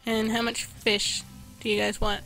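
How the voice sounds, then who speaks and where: Casting: higher-pitched woman, casual gameplay narration, game music underneath. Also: completely flat delivery, a little slow, pushed and bright. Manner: chatty, reads out orders to customers while playing. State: losing her voice. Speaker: gameplay video host. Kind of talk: casual let's-play commentary.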